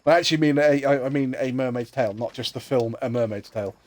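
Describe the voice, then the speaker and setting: Speaking fast in a mid-range voice, a man streams a video game, chatting casually and joking with friends while muttering to himself as he plays.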